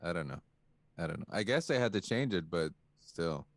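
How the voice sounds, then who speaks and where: A man's voice: low voice, big pitch swings, moderate pace, vocal fry. A man co-hosting a movie review podcast, making blunt wisecracks in casual chat. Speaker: podcast co-host.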